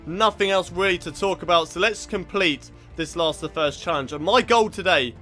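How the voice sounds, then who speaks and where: A young man from Britain talks through his racing game run with a high voice and a bright, sharp edge. He swears freely and flares up loudly at drivers who get in his way. Faint game music plays underneath. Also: a little fast, few pauses. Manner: frustrated, sweary, shouts at rival drivers. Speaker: gaming YouTuber.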